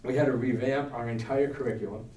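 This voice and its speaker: A man's voice: medium pitch, fast talker, reverberant, far from the mic, low-quality recording. An older man from Brooklyn with a New York accent, giving a talk as a guest speaker and telling stories, acting out the other people's voices as he goes. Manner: animated, acts out the voices of people in his stories. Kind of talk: storytelling talk. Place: church hall.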